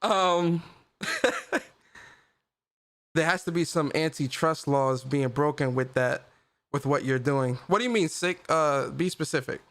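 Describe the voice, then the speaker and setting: Male livestream host, casual and slangy, often laughing, slightly high voice. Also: moderate pace, fairly bright tone.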